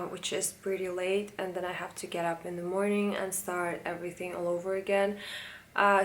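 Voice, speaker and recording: A young woman chatting casually to her camera as a vlogger, relaxed and chatty with small laughs. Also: mid-range voice. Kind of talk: casual vlog chat.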